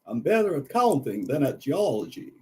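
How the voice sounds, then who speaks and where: A performer voicing a wacky, playful bat puppet with a silly, sing-song chatter and a lively swinging voice. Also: mid-range voice, normal speed, close to an everyday voice. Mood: goofy.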